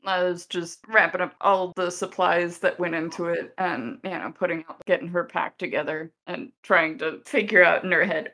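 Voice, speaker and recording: A woman's voice: lowish voice, fairly even intonation, normal speed, hardly any pauses, pushed and bright. A woman playing a tabletop game, hesitantly narrating what her character does. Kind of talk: casual game-table chat.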